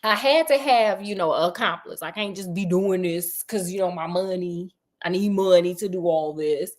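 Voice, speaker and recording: A woman's voice: lowish voice, moderate pace, voice pushed down, close to an everyday voice. A woman voicing a cocky, slangy male detective in a casual storytelling retelling, in a sassy, playful way. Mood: insistent.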